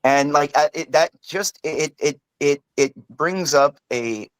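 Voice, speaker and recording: A man's voice: fairly high pitch, slow, no room sound, poor audio. Angry, stammering, ranting man. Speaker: panelist. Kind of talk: heated livestream panel argument.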